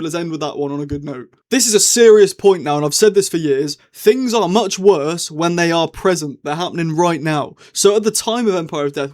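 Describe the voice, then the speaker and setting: Fast-talking cheeky young man. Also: fairly high pitch, darkish tone. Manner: cheeky, slangy, mock-defiant. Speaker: vlogger. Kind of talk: casual opinion ramble.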